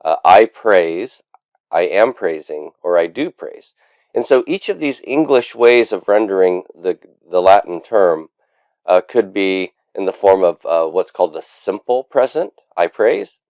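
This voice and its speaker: Deep-voiced man teaching Latin grammar. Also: darkish tone, no room sound. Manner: patient, explains step by step with frequent fillers. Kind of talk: recorded lecture.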